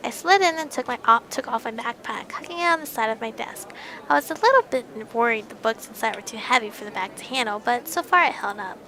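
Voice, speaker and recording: A woman's voice: on the high side, quick pace, pushed and bright, low-quality recording. A young woman narrating a visual novel game aloud, breaking in with playful, giggly reactions. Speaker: game streamer.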